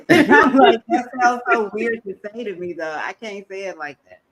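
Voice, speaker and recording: A woman's voice: medium pitch, animated, moderate pace, a crowd in the background. A woman co-hosting a casual live chat, laughing often at herself. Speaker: livestream co-host.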